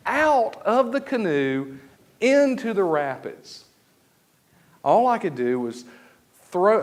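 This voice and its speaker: A man, preaching a sermon and telling a story with lively, acted-out moments. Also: a little high. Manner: animated storytelling with laughs and acted-out shouts. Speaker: pastor. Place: church sanctuary.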